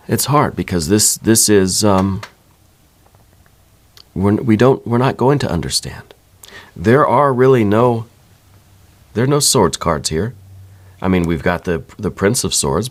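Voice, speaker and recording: A man giving an ASMR tarot reading, speaking softly and intimately to the listener in a gentle, searching way. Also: low voice. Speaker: tarot reader.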